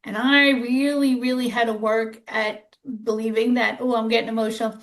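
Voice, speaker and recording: A woman podcast host with a fairly high voice, chatting in a candid, conversational way. She shares her own experiences openly and pokes a little fun at herself. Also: level tone, normal speed. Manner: chatty, candid, self-deprecating. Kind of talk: podcast interview.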